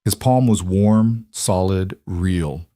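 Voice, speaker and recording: Low-voiced guy narrating a romance story, measured, dry close sound. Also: mellow, no room sound. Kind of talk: scripted narration.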